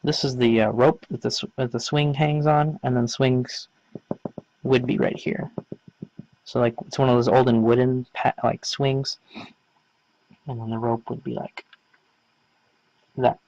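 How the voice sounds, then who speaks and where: Gravelly-voiced man casually teaching. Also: medium pitch, little pitch movement, measured pace, long pauses, a little mellow, dry recording, highs cut off. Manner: casual, rambling explanations with many fillers. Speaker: language teacher. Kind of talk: casual instructional talk.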